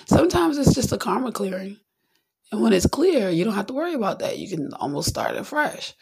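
Brief: rambling podcast host, woman, gravelly and breathy, candid, acts out bits. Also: medium pitch, big pitch swings, a little fast, darkish tone. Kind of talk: casual spiritual monologue.

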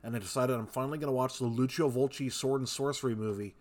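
A man's voice: medium pitch, fairly even intonation, quick pace, a little mellow. A man co-hosting a podcast in casual chat, laid-back and swearing freely, often stumbling over his words. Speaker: podcast co-host.

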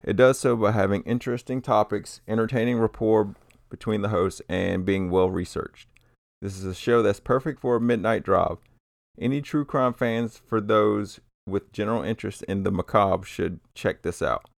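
A man's voice: lowish voice, moderate pace, gravelly, no room sound, studio quality. A man co-hosting a casual podcast, laid-back and swearing casually, often trailing off and restarting. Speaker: podcast co-host.

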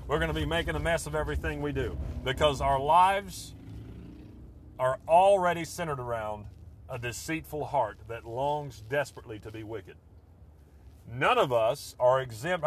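Man preaching hard, kinda high voice, repeats himself, gets loud then quiet, a little car noise outside. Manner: fervent, repetitive, rising and dropping to a hush. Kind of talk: sermon.

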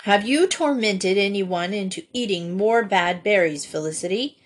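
A woman's voice: mid-range voice, animated, moderate pace, close to an everyday voice. A woman reading aloud, voicing a teasing grown-up farmer uncle in a dry, amused tone.

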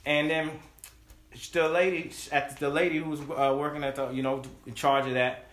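Animated man telling a story, echoey room. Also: a little high, normal speed. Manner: animated, acts out voices in quotes, swears freely. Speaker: podcast guest telling a story. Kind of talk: casual storytelling chat.

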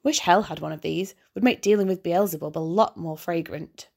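A woman's voice: fairly low pitch, fairly quick, gravelly, darkish tone. A woman voicing a laid-back male demon who talks in a dry, teasing, mocking way. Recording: background hiss.

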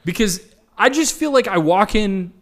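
A man's voice: sits high, animated, normal speed. A young man hosting a podcast, chatting casually with restarts and disbelieving asides. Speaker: podcast host.

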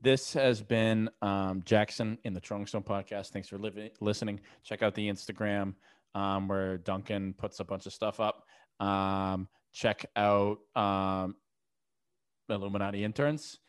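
A man's voice: fairly low pitch, clear, resonant tone. A man co-hosting a podcast in casual, crude, rambling chat, sleepy and full of fillers. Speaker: podcast co-host.

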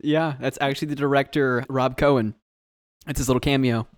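A man's voice: mid-range voice, steady tone, a little fast, no echo, studio quality. A young man casually chatting about a movie, enthusiastic and joking, mimicking the characters' lines. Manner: enthusiastic, joking, with mock quotes. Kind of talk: casual movie recap chat.

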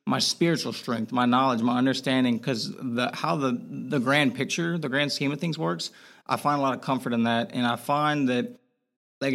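A man's voice: mid-range voice, a bit bright. Casting: young adult male guest, candid and loose, filler-heavy everyday speech. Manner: casual, frank, lots of "like" fillers. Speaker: podcast guest. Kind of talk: candid conversational interview.

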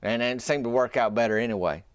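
A man's voice: medium pitch, fast talker, clean tone, no room sound, studio quality. A man hosting a podcast, telling a rambling, folksy story in a casual way. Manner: folksy, rambling, drops into a whisper at times. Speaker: podcast host.

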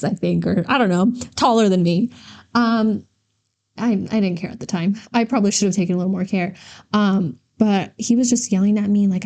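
Animated storytelling woman, mellow tone. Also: mid-range voice, a little fast. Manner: animated storyteller, uses "y'all" and "like". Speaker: podcast co-host and trainer. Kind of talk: casual storytelling chat.

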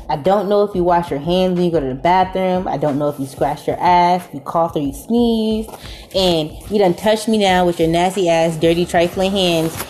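A woman's voice: lowish voice, warm tone. A woman hosting a podcast, delivering an emphatic, exasperated, profane comedic rant full of repeated rhetorical questions. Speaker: podcast host.

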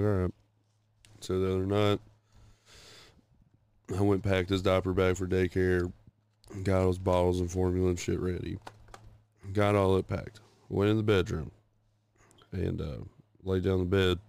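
A young man co-hosting a podcast, telling a story casually with heavy cursing and getting loud and high-pitched when he acts out arguments. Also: creaky, clear, resonant tone, dry recording. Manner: profane, gets loud and high acting out arguments. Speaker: podcast co-host.

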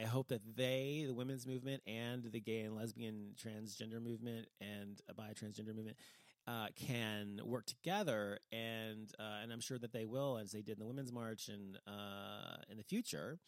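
A man's voice: fairly low pitch, steady tone, moderate pace, no room sound. Heated, rambling man sounding off. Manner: rambling and heated, swears freely, many restarts. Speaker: vlogger. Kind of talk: casual opinion monologue. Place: lives in Dallas, Texas.

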